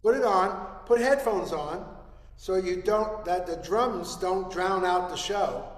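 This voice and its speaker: Male music teacher, high voice, direct playful coaching, roomy recording with a long reverb tail. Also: slow pace. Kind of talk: webinar coaching. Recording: echoey room with long reverb.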